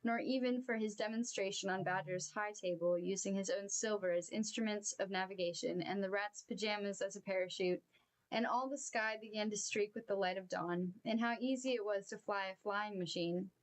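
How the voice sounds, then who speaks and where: A woman reading a children's novel aloud, with expressive and emotional storytelling. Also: medium pitch, moderate pace.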